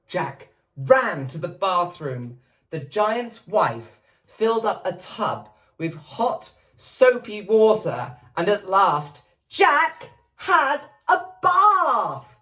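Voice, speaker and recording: Woman reading a kids' book, very slow, lively pitch, distant mic. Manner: expressive, playful. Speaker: storyteller. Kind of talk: reading a children's picture book aloud.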